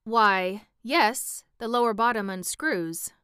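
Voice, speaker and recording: A woman reading the part of a kindly, sympathetic male tin man in an audiobook, in a measured, slightly raised voice. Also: fairly high pitch, pushed and bright, smooth, no room sound, studio quality, voice pushed up.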